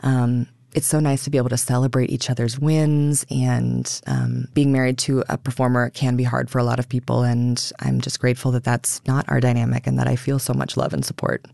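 Animated woman actor, gravelly edge. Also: rumbling low, fairly quick, few pauses, no room sound, studio quality. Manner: animated, laughing, acts out quotes. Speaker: stage actor, guest. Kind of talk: radio interview conversation.

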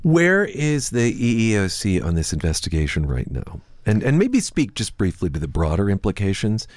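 Man host with a very lively pitch. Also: normal speed, no room sound. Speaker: radio host. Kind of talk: radio interview conversation.

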